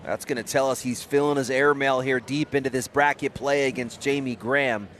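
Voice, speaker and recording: A man giving brisk, excitable play-by-play commentary on a tournament match. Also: mid-range voice, slight background noise. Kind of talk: sports commentary.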